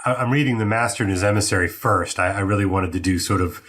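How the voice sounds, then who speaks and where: A man's voice: on the low side, quick pace, a bit bright. A man hosting a podcast in a casual, curious way, with loose, informal speech. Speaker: host.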